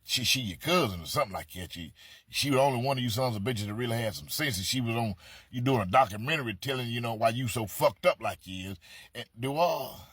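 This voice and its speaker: A middle-aged man rants in a mocking, profane comedy monologue, repeating himself as he presses his point. His voice is bright and forceful with a husky edge. The sound is dry and close. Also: medium pitch, fast talker, no room sound. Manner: brash, mocking, heavy on repetition and cursing. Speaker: comedic storyteller. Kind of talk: profane comedic monologue addressed to an absent person.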